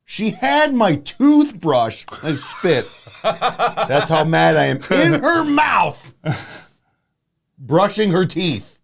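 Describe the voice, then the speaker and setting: Animated young man, profane storyteller. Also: high voice, very slow, vocal fry, pauses often. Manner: loud, profane storytelling, bursts into yelling. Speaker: co-host. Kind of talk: casual livestream chat.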